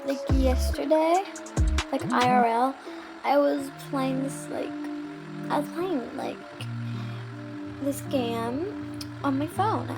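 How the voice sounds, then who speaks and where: A British woman with a high voice narrates her game roleplay in a loose, rambling way, filling gaps with "like" and "um". Her throat is sore. Loud music plays under her voice the whole time. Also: takes it slowly, pauses often, rough recording. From United Kingdom. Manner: rambling, many "like" and "um" fillers. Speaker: roleplay gamer.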